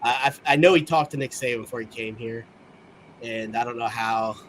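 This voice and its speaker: A man's voice: medium pitch, fairly quick, slight background noise, poor audio. A man co-hosting a casual sports podcast, ranting angrily with heavy profanity. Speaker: podcast co-host.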